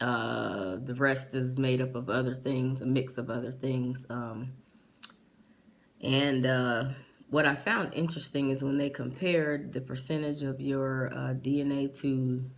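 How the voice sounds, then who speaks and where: Very low-voiced chatty woman vlogger. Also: fairly even intonation. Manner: chatty, amused, halting with fillers. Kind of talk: casual chat reading results aloud.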